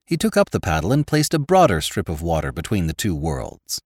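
A man with a low voice narrates a classic story, measured yet lively in his inflection. His reading is recorded close and dry, with no room sound. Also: slightly rough, no echo. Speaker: podcast narrator. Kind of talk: audiobook narration of classic fiction.

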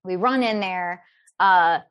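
A woman telling a story in casual conversation, animated and laughing often, with many filler words. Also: on the low side, slow, clear, resonant tone, dull audio. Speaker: guest storyteller.

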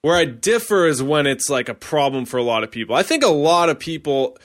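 A man's voice: fairly high pitch, expressive, fairly quick. A man hosting a podcast, talking in a casual, conversational way with many fillers. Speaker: podcast host. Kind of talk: podcast interview.

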